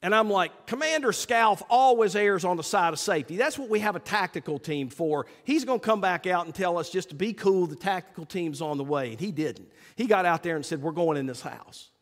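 A middle-aged man preaching a sermon, telling a story with lively acted-out quotes. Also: high-pitched, a little fast, few pauses. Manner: animated storytelling, acts out quotes loudly. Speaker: pastor. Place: church sanctuary. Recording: long reverb of a church hall.

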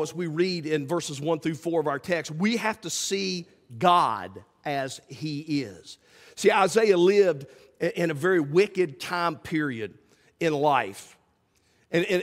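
A man preaching a sermon as pastor, swinging from loud calls to hushed asides. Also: a little high. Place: church sanctuary. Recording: church sanctuary with long reverb.

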